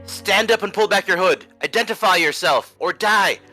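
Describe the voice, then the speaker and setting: A man voicing a paranoid male elf noble who speaks in low, clipped commands. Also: little pitch movement, normal speed, bright, forceful tone, faint music behind. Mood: commanding.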